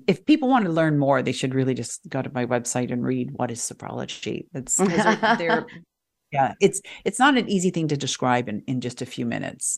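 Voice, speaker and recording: A woman being interviewed as a guest coach on a radio show, talking in an animated, emphatic way and often restarting her sentences. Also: low-pitched. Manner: animated, emphatic, self-correcting. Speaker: guest, resilience coach and sophrologist. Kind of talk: conversational interview. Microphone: radio show microphone.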